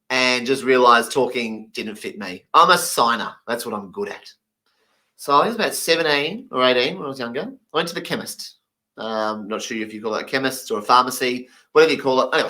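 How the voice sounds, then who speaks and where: Male, stand-up storytelling, playful and emphatic, bright edge, mid pitch.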